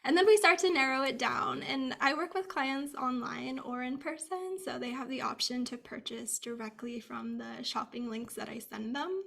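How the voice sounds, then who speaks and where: A woman's voice: high voice, normal speed, vocal fry, hardly any pauses, fairly bright tone. A woman who works as a wardrobe stylist, answering interview questions in a chatty, upbeat way with lots of filler words. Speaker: capsule wardrobe stylist, guest. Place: Bay Area, US.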